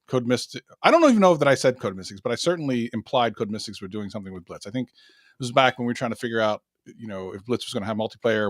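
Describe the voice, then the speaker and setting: A man's voice: medium pitch, no echo. A man co-hosting a casual podcast, talking in a chatty, rambling way with many fillers. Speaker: podcast co-host, arcade content creator.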